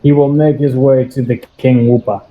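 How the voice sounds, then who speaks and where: A man playing a tabletop game, describing his character's actions deliberately and hesitantly, with fillers. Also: medium pitch, flat delivery. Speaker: player. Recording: muffled lo-fi audio.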